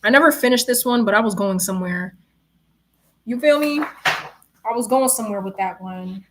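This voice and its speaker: A young woman from New York with a New York accent, chatting casually and retelling a story in slangy, animated talk with frequent laughs. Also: a little high, moderate pace, background noise. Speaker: streamer. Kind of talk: casual chat.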